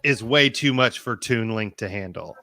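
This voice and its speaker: A man co-hosts a casual podcast stream, steering the chat through a game-character bracket he's running. His fairly low voice has vocal fry and a bright, forceful tone, coming in quick bursts that then trail off. Soft music plays behind him.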